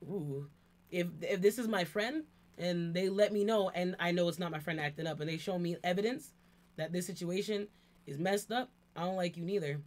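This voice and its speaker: A woman hosting a casual chat, talkative and quick with asides. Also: fairly low pitch, darkish tone. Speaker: channel host.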